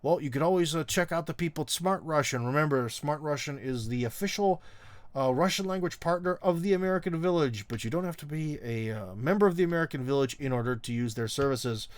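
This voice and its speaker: Hosting a live stream, a middle-aged man talks fast in a fairly high, animated voice with no room sound. He rambles casually through viewer comments, wry and teasing, full of ums and uhs.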